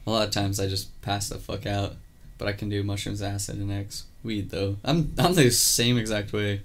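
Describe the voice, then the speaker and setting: Guest, low-pitched man, brief and blunt. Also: fairly even intonation, moderate pace. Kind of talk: casual chat.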